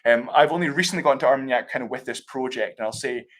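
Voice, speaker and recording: A man's voice: medium pitch, fast talker, a bit bright. A Scottish man leads a live tasting over a video call. He talks with enthusiasm and explains at length, with loose, chatty fillers and asides. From Scotland. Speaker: whisky brand ambassador.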